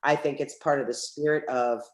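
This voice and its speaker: A middle-aged woman, an entrepreneur guest on an interview, telling stories in a lively way and acting out the dialogue in them. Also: extremely low pitch, normal speed. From United States. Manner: lively storyteller who acts out quoted dialogue. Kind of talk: conversational interview. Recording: roomy echo.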